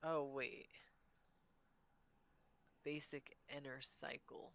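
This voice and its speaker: A man's voice: fairly high pitch, little pitch movement, drawn-out words, vocal fry, fairly bright tone. A man playing a tabletop game who thinks aloud and mutters asides under his breath. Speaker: player. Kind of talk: casual tabletop game talk.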